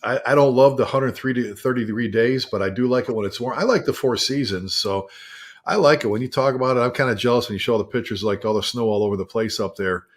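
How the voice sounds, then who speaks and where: A man, a fire chief co-hosting a podcast, chatting casually and teasing his co-host with lots of halting fillers. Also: mid-range voice. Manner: friendly ribbing, halting with fillers. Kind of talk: casual chat.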